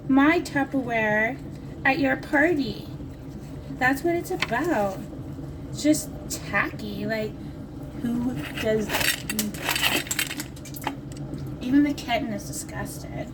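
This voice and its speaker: A woman chatting to camera at home as a vlogger selling nail strips, rambling and joking as she goes. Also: high voice. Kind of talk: casual chat to camera. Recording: distant mic with clear background noise.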